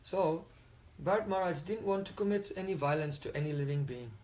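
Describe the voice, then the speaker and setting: A man's voice: fairly high pitch, a little fast, a little mellow. A man telling a religious story in a talk, often checking in with his listeners. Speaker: spiritual teacher.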